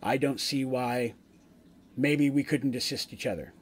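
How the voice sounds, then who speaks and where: A man voicing a guarded old male dwarf in a tabletop game, with a put-on Scottish accent and a halting, stammering delivery. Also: medium pitch, slightly rough, pitched below the performer's own voice. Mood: persuasive. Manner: hesitant, stammering, halting explanations. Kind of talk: tabletop game role-play.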